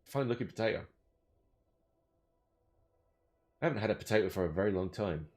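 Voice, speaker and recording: A man's voice: fairly low pitch, animated, rapid-fire, darkish tone, pitched below the performer's own voice, close to an everyday voice. A man voicing a male elf police officer in a tabletop game, overly polite and formal, stumbling over his own phrases. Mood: wheedling, hushed.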